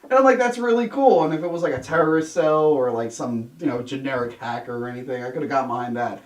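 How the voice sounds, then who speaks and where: A young man hosting a casual movie review chat, sarcastic and animated, swearing freely. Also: medium pitch, fast, distant mic. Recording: roomy sound from off-mic.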